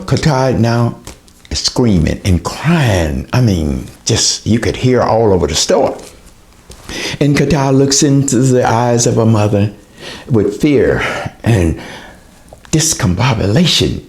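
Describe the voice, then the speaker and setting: A man giving an earnest, emotional lecture on child development. He often pauses with hesitations. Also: medium pitch, gravelly.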